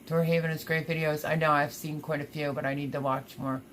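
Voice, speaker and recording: A woman's voice: sits low, flat delivery, a little fast, a little hiss or hum. A woman hosting a casual gardening livestream, chatting and reading viewer comments aloud, laughing often. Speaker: livestream host.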